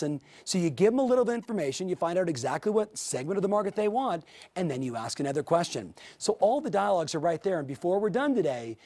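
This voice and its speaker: A middle-aged man teaching real estate agents in a training video, energetic and acting out sample dialogues. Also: on the high side. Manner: energetic, animated coaching with acted-out sample dialogues. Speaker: sales trainer.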